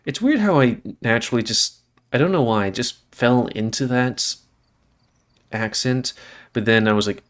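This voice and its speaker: A man's voice: medium pitch, moderate pace. A man hosting a gaming video, reading a visual novel aloud with casual asides between passages.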